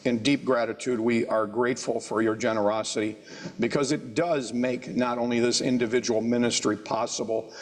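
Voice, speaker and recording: A man leading a church service, making wry jokes and halting on fillers. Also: mid-range voice, fairly even intonation. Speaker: service leader. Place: church sanctuary. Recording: long reverb of a church hall.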